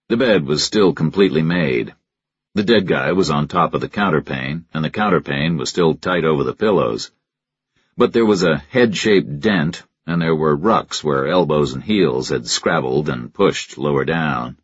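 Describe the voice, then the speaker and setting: A man narrating a first-person crime story in a measured, deadpan way. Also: extremely low pitch, breathy edge, no room sound, muffled recording. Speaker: audiobook narrator.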